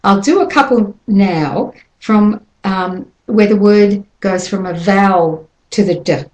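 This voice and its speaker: A woman teaching pronunciation in a slow, careful lesson, setting out each word so learners can copy it. Her pitch sits in a middle range. The room adds a noticeable echo. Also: darkish tone, dull audio. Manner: careful, deliberate, models words slowly for copying. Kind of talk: slow instructional lesson with repeated examples.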